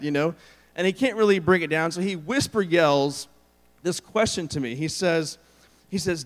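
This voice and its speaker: A middle-aged pastor preaches a sermon in a somewhat high voice. He tells stories with animated delivery and acts out the quotes. His voice carries a long reverb from a large hall. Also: normal speed.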